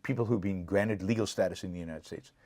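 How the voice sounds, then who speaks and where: A man hosts his own commentary show with a lowish voice and a fiery, indignant delivery. He hammers points home by repeating them and talks straight back to viewers' comments. The sound is dry and close, with no room echo. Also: fast talker, mellow. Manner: impassioned, indignant, repeats himself for emphasis; answers viewer comments directly. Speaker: show host. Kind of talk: solo political commentary.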